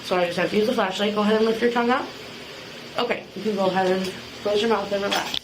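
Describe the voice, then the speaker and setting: A female police officer calmly explaining procedures and charges. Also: mid-range voice, fast, noisy background. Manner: calm, procedural.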